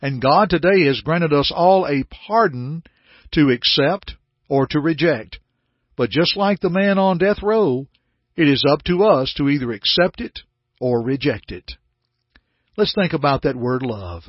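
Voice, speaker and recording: Husky earnest male radio preacher. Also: on the high side, animated, measured pace, dry recording. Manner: earnest, emphatic repetition. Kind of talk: radio sermon. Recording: dull, lo-fi radio broadcast sound.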